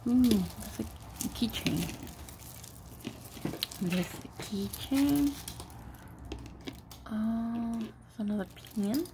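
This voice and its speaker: Woman vlogger rambling slow about trinkets, kinda gravelly, drops spanish asides. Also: fairly high pitch, background noise. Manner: chatty, murmurs remarks about each item. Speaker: jewelry vlogger. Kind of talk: casual show-and-tell commentary.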